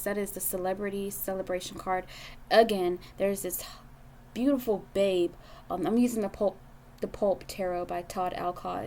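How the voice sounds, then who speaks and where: A woman's voice: mid-range voice, darkish tone, a little hiss or hum. A young adult woman doing a casual tarot reading, speaking bluntly and swearing freely as she talks to the viewer. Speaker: tarot reader.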